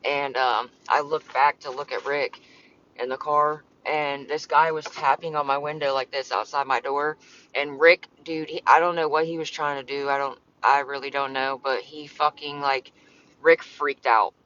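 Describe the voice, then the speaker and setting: A man's voice: a little high, fairly even intonation, normal speed, bright, forceful tone, highs cut off. A man streaming casually from his parked car, rambling, swearing often and talking back to commenters. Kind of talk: casual livestream chat. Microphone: phone.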